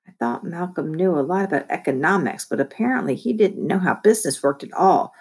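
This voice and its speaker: Lady reading a kids book out loud, lowish voice, expressive. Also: moderate pace, husky. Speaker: audiobook reader. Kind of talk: reading a children's novel aloud.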